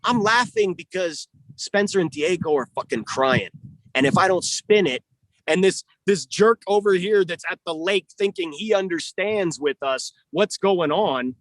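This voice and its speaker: A man with a notably high voice rants hard in an interview, cursing and jabbing at his targets. He is the coach and manager defending his fighter. The sound is dry and close, with no room echo. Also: lively intonation, moderate pace, a bit bright. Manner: combative ranting, profane. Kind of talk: heated interview talk.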